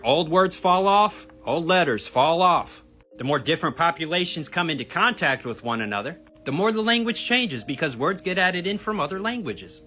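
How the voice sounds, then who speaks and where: A man's voice: fairly high pitch, bright, forceful tone. A man explaining a point to his viewers in an emphatic, argumentative way, talking straight to them. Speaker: video teacher on Bible topics. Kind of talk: explanatory commentary video.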